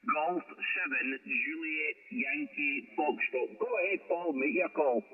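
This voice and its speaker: A man's voice: fairly high pitch, slow pace, husky. A man chatting and joking on a ham radio contact, reading out call signs. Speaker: amateur radio operator. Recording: distant phone-like radio audio with background noise.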